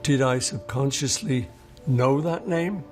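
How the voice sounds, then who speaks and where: A man's voice: medium pitch, takes it slowly, a little mellow, faint music behind. An older man from England, telling anecdotes in an interview and acting out the voices of people he quotes. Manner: acts out quoted voices in his stories. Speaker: musician interviewee.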